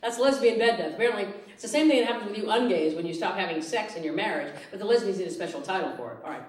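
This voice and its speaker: A woman's voice: mid-range voice, expressive, rapid-fire. A woman performing a stand-up comedy set in a theatre, acting out the people she quotes and often laughing through her lines. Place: theatre stage before a live audience. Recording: roomy live theatre recording, mic at a distance, audience noise. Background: audience laughter.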